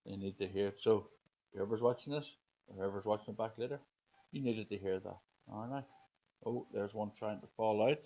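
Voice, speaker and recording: Man, lowish voice, casual spiritual card reader; calm, coaxing, leads slow breathing. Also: low-quality recording. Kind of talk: live oracle card guidance, casual talk.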